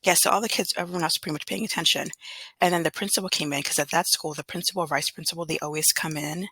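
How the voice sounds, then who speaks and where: A woman from Southern California, a substitute teacher, telling a story to camera in a chatty, rambling way with fillers and throat clearing. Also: deep voice, fairly even intonation, quick pace, sharp tone, no room sound. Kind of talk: casual storytelling vlog.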